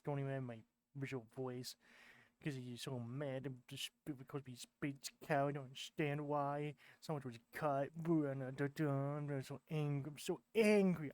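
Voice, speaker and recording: A man's voice: mid-range voice, a little mellow, no echo, close to an everyday voice. A man voicing a sulky, complaining male creature from space in a fan animation.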